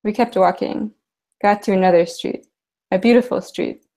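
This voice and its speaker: Gravelly woman reading translated fiction. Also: mid-range voice, normal speed, dark tone. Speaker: literary translator. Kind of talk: literary reading.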